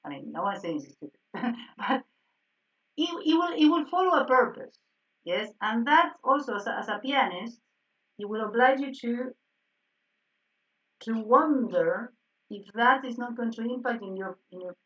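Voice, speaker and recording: A woman piano teacher explaining harmony exercises in an online group lesson, checking in with frequent "yes?" and soft laughs. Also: on the high side, lively intonation, moderate pace, long pauses. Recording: slightly dull, distant online call audio.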